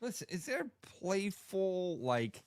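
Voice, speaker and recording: Animated laughing male radio co-host. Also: high voice, slow pace, no echo. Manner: laughs often, tells stories animatedly. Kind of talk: casual sports radio banter.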